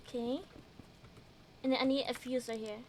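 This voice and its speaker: A woman's voice: fairly high pitch, fairly even intonation, normal speed, noisy background. A woman streaming a game, giggling often and chatting with her viewers as she plays. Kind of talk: casual gameplay commentary.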